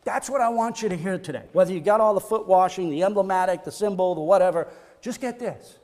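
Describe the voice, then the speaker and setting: A man's voice: high voice, fast talker, a little mellow. A male pastor delivering a fervent sermon, building emphasis through repeated phrases. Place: church sanctuary. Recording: long reverb of a church hall.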